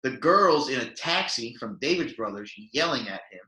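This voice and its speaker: In echoey room sound, a young man co-hosting a podcast tells casual, rambling stories with plenty of fillers and animated acted-out quotes. His voice is medium in pitch and his pace moderate.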